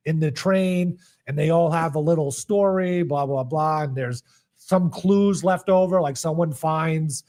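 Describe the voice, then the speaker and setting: A podcast co-host chatting casually, a man whose voice sits a bit high. He rambles along, stacking up fillers as he goes. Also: unhurried, a little mellow. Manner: rambling recap with many likes and fillers. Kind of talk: casual chat.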